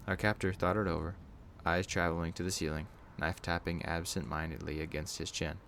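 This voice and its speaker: Man, very low voice, steady measured horror narration, first-person storytelling, faint background hiss. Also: vocal fry.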